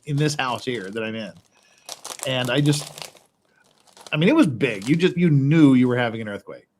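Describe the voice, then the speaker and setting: Male host, relaxed rambling chat, mid pitch, salty humor. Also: a little hiss or hum. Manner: rambling storyteller, swears freely, laughs often. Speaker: livestream host. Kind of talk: casual chat. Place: his house in Korea.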